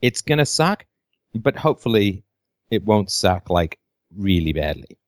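A man hosts a call-in show in a fairly low voice, sounding tired and burnt out. He jokes at his own expense and rambles, restarting his sentences. The sound is dry and close to the mic. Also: sing-song, unhurried, dry recording. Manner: self-deprecating, joking, rambling with restarts. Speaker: host. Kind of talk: casual call-in show chat.

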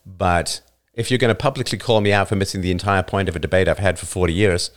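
Emphatic, argumentative man with a lowish voice. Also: fairly even intonation, quick pace. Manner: argumentative and emphatic, lecturing with chuckles. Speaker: livestream show host. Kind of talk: live show talk answering listener comments.

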